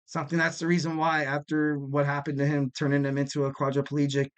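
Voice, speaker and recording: Guy hosting a wrestling podcast, kinda high voice, rambles a lot w/ uh and you know. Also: completely flat delivery, fast talker, smooth. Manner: rambling, full of fillers and restarts; acts out quoted people. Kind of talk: casual podcast chat.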